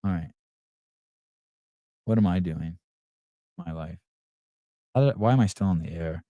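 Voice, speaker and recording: This middle-aged podcast host has a low voice and speaks a little slowly, with phone-quality sound and no echo. He rambles crudely and profanely in an off-the-cuff livestream chat while reading out the comments.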